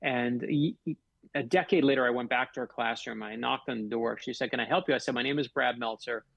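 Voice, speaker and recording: Gravelly man telling stories animatedly. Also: medium pitch, a little fast, no room sound, dull audio. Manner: animated storyteller, acts out quoted dialogue. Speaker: guest author. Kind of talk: storytelling in a radio interview.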